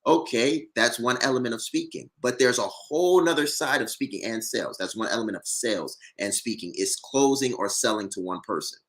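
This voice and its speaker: A man's voice: mid-range voice, a little fast, few pauses, fairly bright tone. A man, a former rapper turned entrepreneur, talking earnestly in a casual discussion, repeating words as he builds his points.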